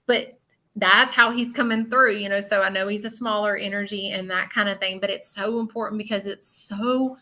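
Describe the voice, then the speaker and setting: A Southern woman leads a live-stream psychic reading in a chatty, blunt way, with plenty of "um"s along the way. Her voice is bright and carries a forceful edge. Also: medium pitch, steady tone, moderate pace. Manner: chatty, blunt, with many fillers. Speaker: spiritual medium.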